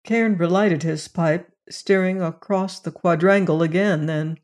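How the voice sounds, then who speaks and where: An adult narrator giving a measured, even reading of a period novel. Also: mid-range voice. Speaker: audiobook narrator.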